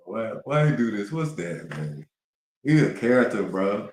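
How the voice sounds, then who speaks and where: A man's voice: lowish voice, big pitch swings, unhurried, darkish tone, roomy sound, a little hiss or hum. A man streaming live, talking casually to his viewers, rambling and profane with heavy slang.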